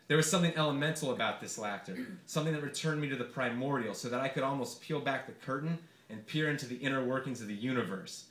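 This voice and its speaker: Man reading his comic essay, bright tone. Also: mid-range voice, reverberant. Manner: vivid, expressive storytelling delivery. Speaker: author reading his own work. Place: bar hosting a reading series.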